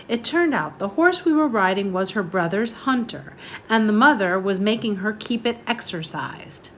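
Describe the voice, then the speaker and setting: A woman reading a children's novel aloud, steady and calm, dropping softer at times. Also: medium pitch, moderate pace, a little hiss or hum.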